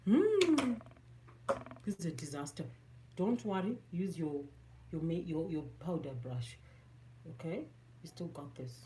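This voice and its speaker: This beauty vlogger from Zimbabwe has a low voice and a Zimbabwean accent, and she moves at a moderate pace while casually chatting through a makeup tutorial. She pokes fun at herself and blends English with Shona. Background noise is present.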